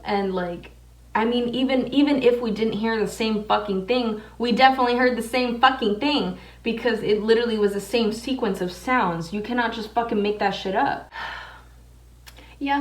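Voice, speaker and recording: A woman's voice: mid-range voice, recorded from a distance. Young woman vlogger, loose chatty swearing, a bit off-mic in a roomy space. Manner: casual, heavy swearing, many fillers. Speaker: makeup vlogger. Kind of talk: casual storytelling while doing makeup. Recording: echoey room, voice away from mic.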